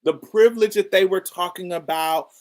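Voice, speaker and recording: A woman's voice: fairly low pitch, normal speed, a little mellow. A woman podcast host giving casual review commentary, talking in slang with exasperated asides.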